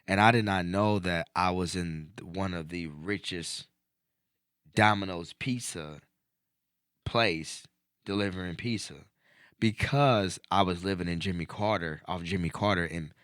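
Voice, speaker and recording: A man hosting a podcast, telling a personal story in casual chat and getting animated as it builds. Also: deep voice, a little slow, smooth, dry recording, clean studio sound. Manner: animated storyteller, voice climbing when excited. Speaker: podcast host.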